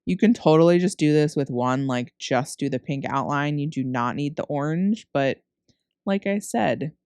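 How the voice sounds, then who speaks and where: A deep, slightly mellow woman's voice, clear and resonant, moves at a moderate pace through a cookie decorating voice-over. The close-miked recording is clean studio sound without echo. She's chatty and rambling, tired from working late, correcting herself and laughing at her slips.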